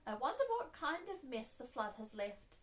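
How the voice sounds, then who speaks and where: A woman putting on a kindly old granny pig, gently exclaiming in a lifted voice. Soft storybook warmth, older than a child but bright in tone. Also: high-pitched, sing-song, normal speed, a little hiss or hum. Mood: wondering.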